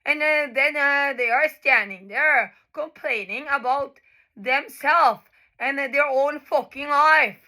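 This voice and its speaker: Woman in her 30s, native norwegian speaker, high pitch, slow and deliberate, emphatic and swearing. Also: sharp tone. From Norway. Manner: emphatic, profane and repetitive, with frequent filler sounds. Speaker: vlogger. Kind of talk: personal video monologue.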